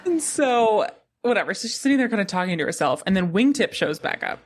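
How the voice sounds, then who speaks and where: A woman's voice: mid-range voice, sing-song, quick pace. A woman co-hosting a podcast, casually recapping a book with lots of "like" and paraphrasing what the characters say. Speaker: podcast co-host.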